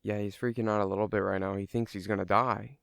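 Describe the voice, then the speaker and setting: A man quoting a schoolboy who is the blunt big brother, speaking in a flat, matter-of-fact way. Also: lowish voice, fast talker, vocal fry, dry recording, studio quality.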